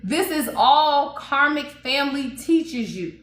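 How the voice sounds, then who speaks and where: A woman's voice: high voice, lively intonation, takes it slowly, a bit bright, roomy sound. A woman giving a blunt, profane, preachy spiritual reading on a livestream, laughing often. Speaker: spiritual reader.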